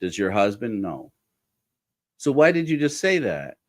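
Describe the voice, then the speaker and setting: Middle-aged man, low voice, very animated pitch, rambling sermon-style commentary, wry asides. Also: measured pace. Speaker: podcast host.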